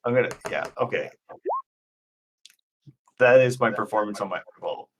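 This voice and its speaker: A man's voice: on the low side, animated, moderate pace, slight background noise. A man playing a tabletop game, talking in a rambling, hesitant way. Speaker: player.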